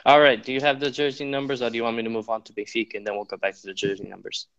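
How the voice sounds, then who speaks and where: A man hosting a casual football podcast in a middle-pitched voice. He moves the talk from topic to topic, filling gaps with ums and yeahs. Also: level tone, very fast, a bit bright, lo-fi sound. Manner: steers the talk between topics with frequent fillers. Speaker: podcast host. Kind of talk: casual chat.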